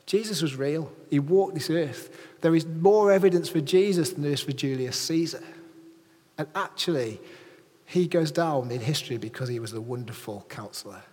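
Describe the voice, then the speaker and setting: A man preaching a lively sermon in a church, chatting with and questioning his congregation. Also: fairly high pitch, moderate pace, husky, in a large hall. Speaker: pastor.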